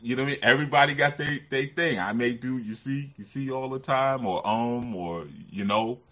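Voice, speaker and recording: A man's voice: mid-range voice, a little fast, a bit bright. A man hosting a casual livestream who rambles, laughs often and uses a lot of fillers. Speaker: livestream host. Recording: slightly muffled lo-fi sound.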